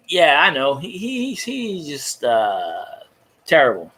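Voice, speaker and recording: A man's voice: fairly high pitch, wildly swooping pitch, slow pace, bright, forceful tone. A young man in casual sports talk, ranting with profanity and frequent stumbling restarts.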